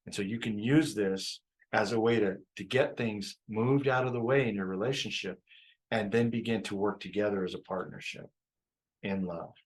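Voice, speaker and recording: A man teaching couples about forgiveness in a relaxed live-stream talk, reflective, often repeating his phrases and laughing easily. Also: lowish voice, normal speed, low-quality recording. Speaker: relationship coach.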